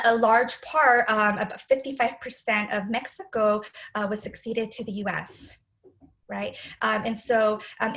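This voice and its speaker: A woman lecturing with a fairly high voice, talking straight to her listeners. She is candid and emotional, hesitant and full of restarts, and sounds close to tears. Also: gravelly, fairly bright tone.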